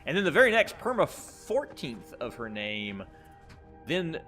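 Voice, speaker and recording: A man's voice: a little high, wildly swooping pitch, a little slow, sharp tone, faint music behind. A man giving rambling, casual commentary while playing a video game, chuckling often. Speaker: gameplay commentator. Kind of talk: casual let's-play commentary.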